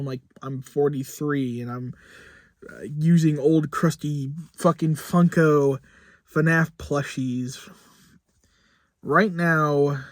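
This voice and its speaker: A young man chats casually to camera about his channel, rambling, restarting sentences and swearing offhandedly. His voice sits a touch high and his pace is unhurried and slow. The recording is dry, with no room sound around him. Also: no room sound. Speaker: channel creator. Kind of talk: casual vlog talk.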